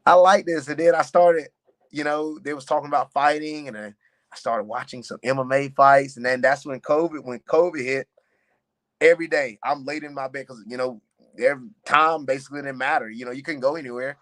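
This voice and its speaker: A young man, a fighter, chatting on a podcast and telling stories in a loose, animated way, full of "man" and "you know.". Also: mid-range voice, fairly quick. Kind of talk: casual podcast chat.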